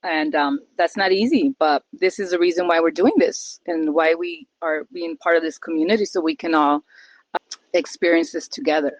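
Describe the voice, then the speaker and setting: A woman's voice: sits low, moderate pace, no room sound. A woman co-hosting a casual podcast, talking openly about her feelings and acting out what others say. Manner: open, emotional, acts out quoted voices. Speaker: podcast co-host.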